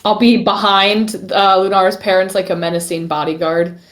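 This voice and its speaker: A woman's voice: mid-range voice, level tone, moderate pace, slight background noise. A woman playing in a tabletop game, talking in a playful, teasing way. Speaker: player. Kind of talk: casual tabletop play.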